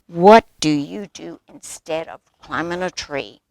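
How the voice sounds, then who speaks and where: A woman's voice: deep voice, takes it slowly, gravelly, no echo, full character voice. A woman voicing a small, eager young bear cub who adores his grandfather. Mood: curious. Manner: excited, adoring.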